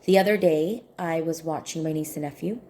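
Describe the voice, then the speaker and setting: A woman's voice: deep voice, brisk, warm tone. A woman sharing a personal reflection in casual talk, earnest and repeating her key points for emphasis. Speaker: spiritual healing coach.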